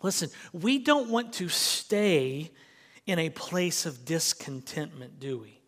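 A man's voice: fairly high pitch, lively intonation, slow pace, fairly bright tone, big-room sound. A man preaching a sermon as pastor, emphatic and full of rhetorical questions, in a church sanctuary.

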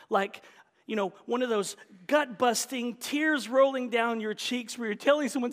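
A man preaching an Easter sermon, moving between loud exclamations and hushed whispers. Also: very high voice, animated, normal speed. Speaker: pastor. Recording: long reverb of a large hall.

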